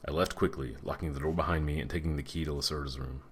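A man narrating an audiobook in a measured, dry storytelling manner. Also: very deep voice, fairly even intonation, a little hiss or hum.

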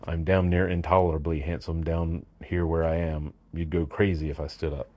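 A man's voice: a bass voice, flat delivery, moderate pace, mellow. A man voicing a drunk, pompous male sports reporter who speaks with grand authority. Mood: grandiose drunk.

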